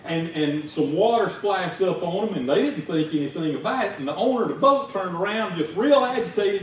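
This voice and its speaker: A man's voice: high voice, animated, a little fast, hardly any pauses. Man, Southern US accent, folksy sermon, distant mic, roomy church echo. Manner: folksy, conversational, rising to shouts in stories. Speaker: lay preacher. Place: church sanctuary. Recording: echoey church heard from far off.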